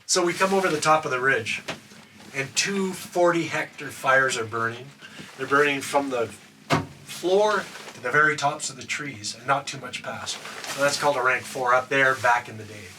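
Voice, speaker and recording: A man's voice: medium pitch, normal speed. An older man from Canada, a former wildland firefighter, casually tells a rambling story with lots of fillers. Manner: rambling, with many fillers and acted quotes. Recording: distant mic with steady background noise.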